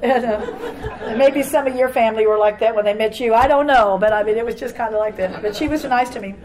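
An older woman giving a rambling, animated personal testimony to a church congregation, laughing often as she tells her story. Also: on the high side, fast talker, rough recording.

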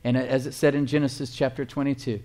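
A male pastor preaching a sermon, emphatic, repeating phrases and reading scripture slowly. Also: mid-range voice, little pitch movement, a little mellow.

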